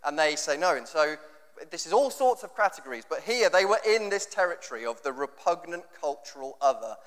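Man, pastor, sermon, slightly raised pitch, long hall reverb. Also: sing-song, brisk, fairly bright tone. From England. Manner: conversational, jokey, acts out quotes.

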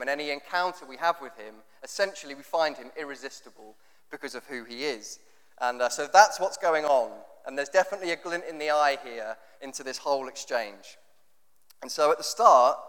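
A man preaching a sermon, reading scripture and explaining it in a conversational, animated way. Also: fairly high pitch, clear, resonant tone. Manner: conversational, animated with rhetorical questions. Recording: long reverb of a hall.

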